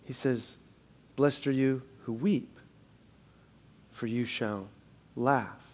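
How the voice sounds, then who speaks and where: A young adult man preaching a sermon as pastor, earnest, shifting between quiet emphasis and loud, urgent passages. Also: medium pitch, fairly even intonation, slow. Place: church sanctuary.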